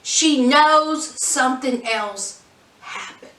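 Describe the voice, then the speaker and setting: A woman recapping a TV episode in a chatty, animated vlog, talking straight to her viewers. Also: high voice, takes it slowly, reverberant, distant mic. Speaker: TV show reviewer.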